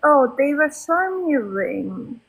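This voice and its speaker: A woman psychic medium giving a live reading to a sitter, speaking softly and reassuringly with frequent ums. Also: sits high, big pitch swings, a little slow, gravelly, poor audio.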